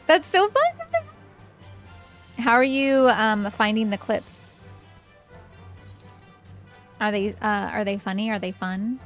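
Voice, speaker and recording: A woman's voice: medium pitch, fairly even intonation, slow pace, long pauses. A young woman chatting casually with her viewers while streaming a game, upbeat and rambling, with faint music behind.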